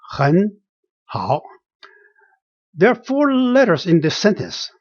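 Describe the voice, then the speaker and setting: Patient beginner-lesson teacher, husky, very slow, lively pitch; dry, dull lo-fi recording. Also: no room sound. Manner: slow, deliberate, repeats each phrase with hesitant fillers. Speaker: language teacher.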